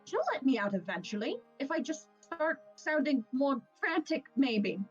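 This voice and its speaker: A woman's voice: high-pitched, big pitch swings, normal speed, dull audio, soft background music, pitched above the performer's own voice. A woman voicing a vicious, foul-mouthed woman monk who taunts her captive rival, in a tabletop game. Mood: snarling. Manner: crude, taunting, mock-archaic outbursts.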